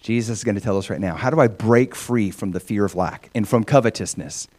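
A middle-aged man preaching a sermon, animated, often acting out voices in quotes. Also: on the low side, a little fast. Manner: animated, acts out God's voice in quotes. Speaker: pastor.

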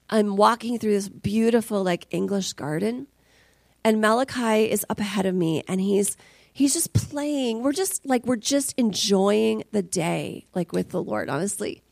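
Gravelly-voiced woman preaching a testimony. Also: medium pitch, a little mellow, no room sound. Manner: emotional storytelling, dropping to near whispers. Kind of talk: conversational sermon testimony.

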